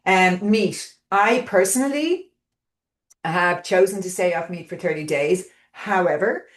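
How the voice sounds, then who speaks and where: Low-voiced chatty woman coaching a group. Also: measured pace, roomy sound. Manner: chatty, rambling, full of fillers and check-ins. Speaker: wellness coach hosting a group call. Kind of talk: casual group coaching call.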